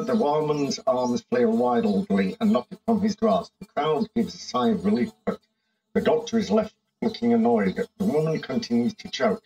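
High, lively, gravelly-voiced man musing over a game. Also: poor audio. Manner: musing, thinking aloud with frequent hums and fillers. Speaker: game streamer. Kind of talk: casual game commentary, reading in-game text aloud.

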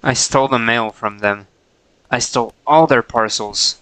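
A man's voice: medium pitch, measured pace, pushed and bright, clean tone, no room sound, low-quality recording. A man casually chatting to himself while streaming a game, playful and chuckling.

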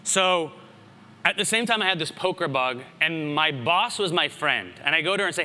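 A man in his thirties tells anecdotes from the stage of a big conference hall, and the voice rings back with a long reverb. His tone is very bright and forceful, a bit high for a man, and he keeps the talk lively with asides to the crowd. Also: moderate pace. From United States. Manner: animated anecdotal storytelling with asides. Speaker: conference speaker. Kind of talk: storytelling keynote talk.

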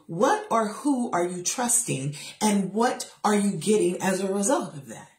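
A middle-aged woman giving a faith-based motivational talk from a chair, emphatic and sassy, with lively asides to her listeners. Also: on the low side, moderate pace, few pauses, roomy sound. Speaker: motivational speaker. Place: seated in a chair.

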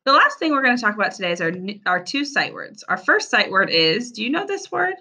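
Woman, teacher, children's reading lesson, animated pitch, bright tone. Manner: slow, clear, sounding out words with animated pitch.

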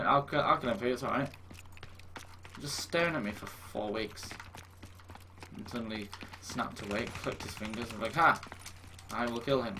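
A young man giving casual gameplay commentary, self-mocking and quick to swear and exclaim. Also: medium pitch. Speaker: gaming YouTuber. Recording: game noise behind the voice.

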